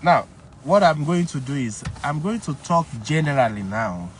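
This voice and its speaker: Male commentator, emphatic and animated, slightly high-pitched, faint background hiss. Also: moderate pace. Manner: emphatic, rises high when indignant. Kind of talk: animated casual monologue.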